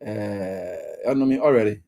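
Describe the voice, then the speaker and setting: A man with a Liberian English accent hosting a radio talk show. He reads a government statement aloud and comments on it in a mocking, animated way. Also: fairly low pitch, a little slow. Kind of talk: live call-in commentary.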